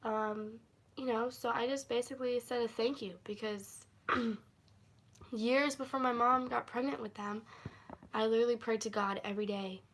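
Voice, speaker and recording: A woman's voice: on the high side, steady tone, normal speed, a bit bright. A woman chatting through a casual story-time livestream, rambling and giggling, with lots of fillers. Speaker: livestream host.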